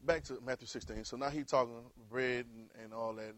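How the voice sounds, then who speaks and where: A male preacher, delivering a sermon in call-and-response style that rises to loud exhortation. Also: medium pitch, fairly even intonation, fairly quick.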